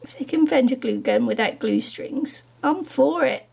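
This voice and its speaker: A woman with a high, gravelly voice chats her way through a crafting project, giggling as she goes. She sounds hoarse, as if her voice is going. Her tone is husky and breathy. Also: slow pace, a little mellow. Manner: chatty, giggly, talks while working. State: losing her voice. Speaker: crafting vlogger. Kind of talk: casual crafting tutorial chat.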